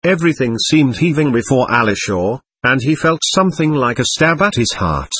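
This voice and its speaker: A man reading an audiobook of a classic novel in an expressive storytelling manner. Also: medium pitch, normal speed, breathy edge. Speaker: audiobook narrator. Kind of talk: scripted narration.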